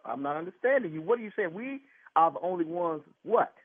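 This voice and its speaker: An indignant man who keeps repeating himself and cutting the caller off. His voice is high and swings widely, with a husky edge. It comes through a tinny phone line. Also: animated, fairly quick, no echo. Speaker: prank call target, husband.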